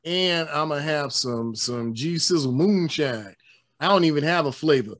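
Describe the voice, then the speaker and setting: Animated, playful man hosting a sports show. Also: fairly high pitch, measured pace. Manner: animated, playful, jokes and does voices. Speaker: podcast co-host. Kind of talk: casual sports talk show chat.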